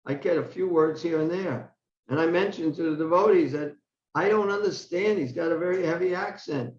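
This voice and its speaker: An older man with a high-pitched voice teaches a scripture class in a loose, conversational way. He often doubles back on his words. The recording is roomy and a little dull. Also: normal speed. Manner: conversational, repeats words while thinking. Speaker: class speaker. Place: temple hall.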